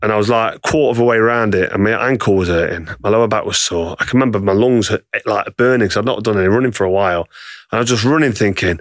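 A man's voice: fairly low pitch, fast talker, no echo, clean studio sound. A man, a podcast guest telling a candid, blunt story in casual interview chat, swearing freely. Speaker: podcast guest, retired boxer.

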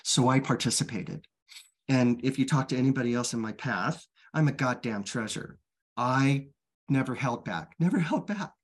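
A man's voice: mid-range voice, fairly even intonation. Guy telling his own story, keeps stumbling and repeating words, earnest, open. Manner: halting, repeats words and restarts often. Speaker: guest sharing his recovery story. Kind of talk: candid personal storytelling.

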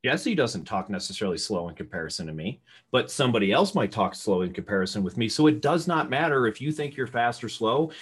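A middle-aged man with a loud voice, teaching real estate sales to a live audience in an energetic, conversational way and asking the room questions. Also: medium pitch, fast, husky. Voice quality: loud talker.

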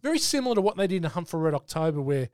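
A man hosts a casual film podcast in a fairly high voice. He talks bluntly and swears freely. The sound is dry and close. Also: very animated, racing, a little mellow, dry recording. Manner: blunt, sweary, leads the segments. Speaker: podcast host.

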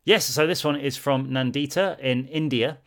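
A man's voice: medium pitch, normal speed. A man co-hosting a podcast, chatting casually and playfully, acting out little bits as he talks. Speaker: podcast co-host. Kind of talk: casual chat.

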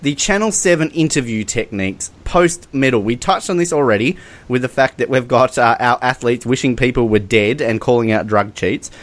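A man co-hosting a casual comedic podcast, animated and prone to laughing. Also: medium pitch, normal speed. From Australia. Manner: animated and giggly, often breaks into laughter. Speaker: podcast co-host.

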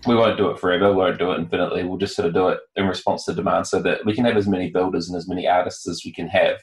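A man with a New Zealand accent answers questions in a casual podcast interview. His voice sits very low, and he talks in a relaxed, halting way with frequent fillers. The recording has a noticeable room echo. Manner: relaxed, hesitant with many fillers. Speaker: guest, founder.

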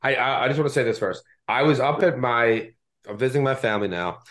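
A man's voice: medium pitch, fast talker, a bit bright. A man with a Delco accent hosting a casual sports betting podcast, chatty and self-deprecating. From Delaware County, Pennsylvania. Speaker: podcast host.

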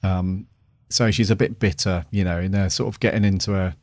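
Low-voiced man chatting casually. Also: fairly even intonation, a little fast, dry recording, clean studio sound. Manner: rambling, lots of "you know". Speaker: podcast co-host. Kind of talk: casual review chat.

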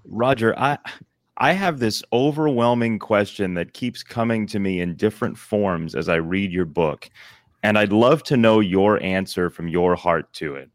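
A man hosting a podcast, asking earnest, measured questions. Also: on the low side, dry recording, clean studio sound. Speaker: podcast host. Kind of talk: interview questions.

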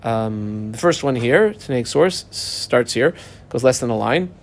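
A man teaching a Talmud class in a halting way, restarting his sentences and telling students which words to underline and mark. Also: medium pitch, animated.

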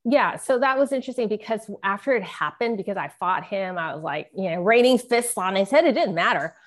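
A woman's voice: mid-range voice, lively intonation, a little fast. A middle-aged woman, a guest, telling an emotional personal story in an earnest, tearful way.

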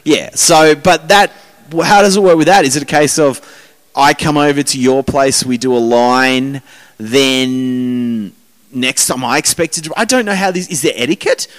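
A man's voice: mid-range voice, moderate pace. A man telling rambling, self-mocking stories as a podcast host in casual chat.

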